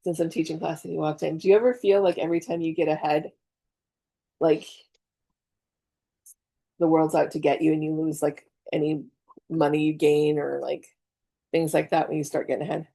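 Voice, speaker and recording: Middle-aged lady running a spiritual class, gravelly and kinda dark voice, chatty and swears a lot. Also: low-pitched, flat delivery, normal speed, pauses often, no room sound. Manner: chatty, confessional, swears freely, acts out her own panics. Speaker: spiritual teacher. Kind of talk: casual online class talk.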